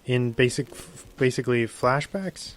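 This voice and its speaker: A man co-hosting a podcast who talks about a film in casual chat, often pausing to search for words with fillers like "how do you say.". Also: mid-range voice, faint music behind. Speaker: podcast co-host.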